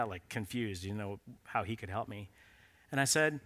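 A man's voice: fairly low pitch, lively intonation, normal speed, long pauses, fairly bright tone. A man preaching a sermon in an earnest, conversational storytelling way, appealing directly to men in the audience.

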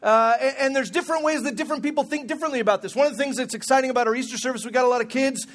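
A man's voice: very high-pitched, rapid-fire, a bit bright. A man in his forties preaching a sermon as pastor, in a conversational, humorous way with frequent restarts. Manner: conversational, humorous, self-correcting.

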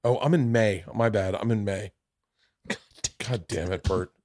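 A man's voice: lowish voice, unhurried, mellow, dry recording, clean studio sound. A man hosting a podcast, telling a long rambling story in casual chat, swearing freely. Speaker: podcast host.

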